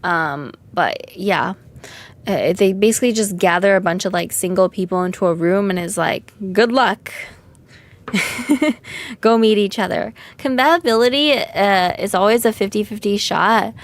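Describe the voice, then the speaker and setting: A woman's voice: mid-range voice, moderate pace. A young woman streaming, chatting casually with her chat in a frank, crude, self-mocking way with frequent laughs. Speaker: vtuber streamer. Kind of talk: casual livestream chat reading comments.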